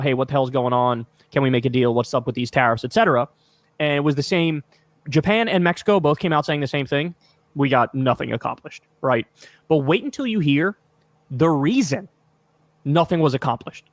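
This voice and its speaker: Fired-up, high-voiced male political commentator. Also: no room sound. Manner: exasperated, profane, emphatic ranting. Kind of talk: reaction video commentary.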